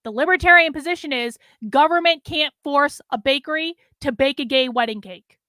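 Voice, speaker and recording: High-voiced woman hosting a blunt livestream. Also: moderate pace, pushed and bright, dry recording. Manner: blunt, profane and emphatic. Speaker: host. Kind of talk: livestream commentary reacting to clips and reading viewer messages.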